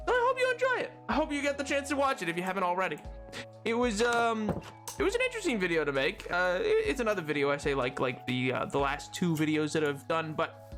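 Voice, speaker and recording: A man chats on his live stream in a rambling, excitable way, full of fillers and restarts. His voice sits high and swings widely in pitch, while his delivery stays unhurried. Faint music plays underneath. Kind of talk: casual live-stream chat.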